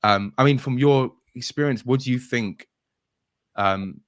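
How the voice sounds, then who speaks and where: A man's voice: medium pitch, a little slow, smooth, no room sound, studio quality. A man hosting a podcast interview, asking questions in a hesitant way with many fillers. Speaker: podcast host. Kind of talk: casual interview.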